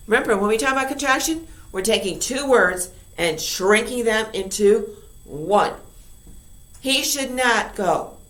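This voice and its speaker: A woman teaching a recorded online grammar lesson to high school students, lively and playful, repeating key words. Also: measured pace. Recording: echoey room.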